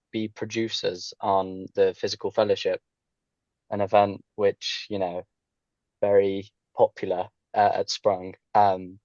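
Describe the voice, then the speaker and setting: A man's voice: lowish voice, warm tone, no echo, muffled recording. A young man, a drama student, telling his story casually in an interview, chatty and full of fillers, joining online. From Coventry, England. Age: young adult. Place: online call.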